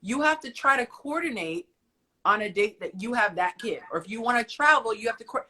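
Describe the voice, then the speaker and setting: A woman's voice: a little high, expressive, fairly quick, pushed and bright, slightly rough. A woman arguing her views emphatically in a casual live conversation. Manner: emphatic, opinionated. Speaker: guest on a live stream.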